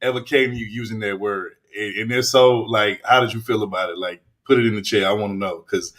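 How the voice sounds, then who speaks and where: A man's voice: fairly low pitch, fairly even intonation, a little fast, a bit bright. A young man hosting a casual livestream chat, laid-back, often saying "you know what I'm saying". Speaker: podcast host.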